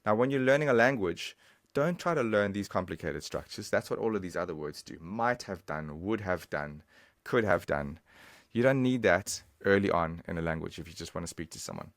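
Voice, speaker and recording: A man's voice: low voice, expressive, normal speed, no room sound, clean studio sound. A man giving a casual, chatty online language lesson, talking straight to the viewer. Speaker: language teacher.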